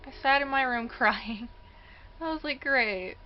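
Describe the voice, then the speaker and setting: Young woman, vlogger, casual storytelling, higher voice, acted-out quotes, frequent laughter, dull lo-fi sound. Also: unhurried, faint music behind. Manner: animated, acts out quoted voices, laughs often. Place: indoors near a passing train.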